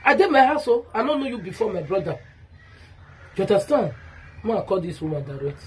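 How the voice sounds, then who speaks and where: A Nigerian woman calls out a rival in a direct-to-camera rant video, sounding aggrieved and repeating herself. She speaks briskly in a mid-range voice with big pitch swings, and there's a slight hiss or hum on the recording.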